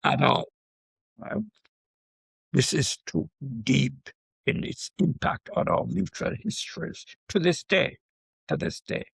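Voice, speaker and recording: An older man from Jamaica talks with a gravelly, husky voice that sits a touch high. He tells stories in an animated way, tossing in quick asides to his listener. The sound is close and dry, with no room around it. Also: no room sound. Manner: animated storyteller with repeated asides like "right?". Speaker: guest professor. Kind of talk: conversational interview.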